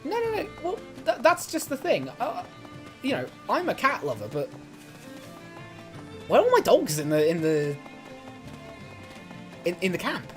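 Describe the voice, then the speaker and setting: A co-host giving casual commentary on a video game, animated and quick to laugh, often bursting into loud, shouted comic impressions. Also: medium pitch. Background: game music.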